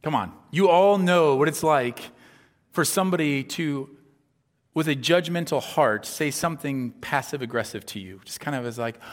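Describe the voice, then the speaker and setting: Higher-voiced preacher in a reverberant hall. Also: male voice, normal speed. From upper Midwest of the US. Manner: conversational, rhetorical asides, acts out quoted voices. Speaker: pastor. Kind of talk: sermon.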